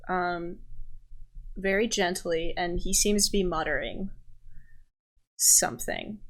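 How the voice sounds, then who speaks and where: A woman's voice: lowish voice, fairly even intonation, fairly bright tone, low-quality recording. Woman game master, takes her time, hesitant narration with fillers. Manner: unhurried, hesitant, many fillers.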